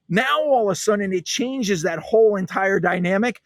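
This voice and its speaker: A man's voice: high-pitched, moderate pace, dry recording. A man, a guest author in a podcast interview, talking in an emphatic, punchy storytelling way.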